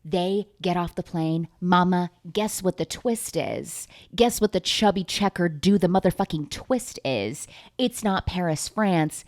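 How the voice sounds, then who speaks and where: A woman recapping a movie in casual chat, fast and profane, jumping into high comic outbursts. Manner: fast, animated, profane, with big comic pitch jumps.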